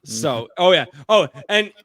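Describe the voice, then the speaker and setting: Excitable, profane man on a podcast. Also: fairly high pitch, measured pace, no room sound, studio quality. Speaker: podcast host. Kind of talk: casual chat.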